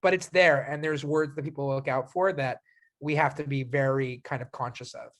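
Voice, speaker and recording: Young canadian guy in an interview, animated, keeps restarting his sentences. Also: mid-range voice, moderate pace. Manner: animated, many restarts and fillers. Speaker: actor guest. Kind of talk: casual interview chat.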